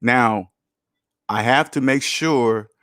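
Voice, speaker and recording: Here the host speaks slowly at an ordinary male pitch, his tone smooth and a bit bright. He reads chat comments from his casual livestream and answers them repetitively and emphatically with rapid rhetorical questions, the camera mic giving a dry, close sound with almost no room echo.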